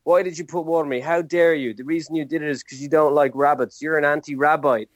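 A man's voice: fairly even intonation, fast talker, no echo, dull audio, close to an everyday voice. A man doing an outraged little rabbit. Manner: shrill accusing questions.

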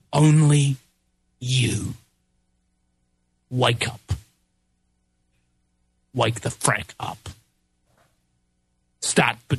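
A man's voice: mid-range voice, a bit bright, slightly rough. A man hosting a talk show, ranting with heated emphasis. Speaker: show host.

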